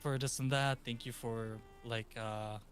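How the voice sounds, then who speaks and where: A man's voice: medium pitch, fairly even intonation, unhurried, a bit bright. Chatty storytelling man, faint music behind. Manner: storytelling with acted-out quotes. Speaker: VTuber guest. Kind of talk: casual chat.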